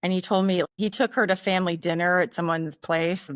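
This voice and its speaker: A woman co-hosting a podcast in relaxed, supportive casual chat. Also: lowish voice, brisk, clear, resonant tone, no echo, studio quality. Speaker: podcast co-host.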